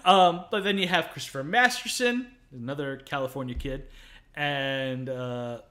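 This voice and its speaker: A man co-hosting a casual film review podcast, animated and quick to laugh, with jokey asides. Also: mid-range voice. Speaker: podcast co-host.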